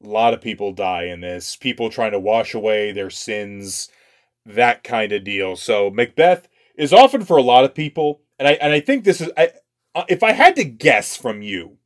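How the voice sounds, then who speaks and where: Animated man with stammering restarts. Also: lowish voice, moderate pace. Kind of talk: casual chat.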